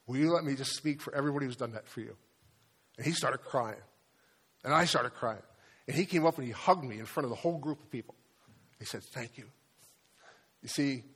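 Brief: male pastor, mid-pitched, earnest confessional sermon delivery, stumbles and restarts. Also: a bit bright, breathy edge. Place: church sanctuary.

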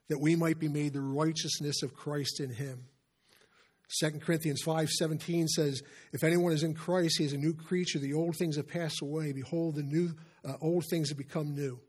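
A man preaching a sermon as a visiting preacher, earnest in manner, often clearing his throat and slowing down and softening his voice to stress a point. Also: fairly high pitch, steady tone.

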